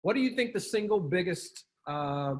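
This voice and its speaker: A man's voice: sits high, lively intonation, normal speed. Blunt, emphatic man hosting a chat. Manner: emphatic and blunt, with frequent swearing and "dude", "bro". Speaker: podcast host. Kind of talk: casual interview chat.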